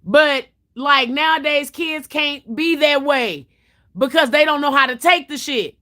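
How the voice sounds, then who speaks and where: A woman hosting a livestream, talking bluntly and swearing freely as she tells her stories. Her voice sits high and sounds bright and forceful. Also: unhurried. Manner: blunt, profane, storytelling. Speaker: livestream host. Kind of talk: casual chat on a livestream.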